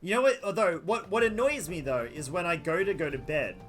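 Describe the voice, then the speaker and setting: A man's voice: on the high side, animated, fairly quick, faint music behind. An Australian man chatting casually with his viewers while streaming a game from home, greeting people by name. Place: home room.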